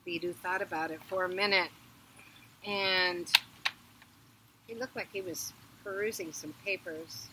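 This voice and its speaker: A woman telling a myth at an outdoor fire circle, dramatic, with loud swells in her voice. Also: fairly low pitch, fairly even intonation, unhurried, long pauses, noisy background. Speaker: storyteller. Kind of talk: oral storytelling at a ritual.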